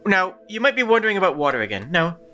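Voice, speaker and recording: A man's voice: sits high, big pitch swings, fast talker, pushed and bright, faint music behind. A man streaming a retro game, chatting casually and explaining things with loose fillers into a close mic.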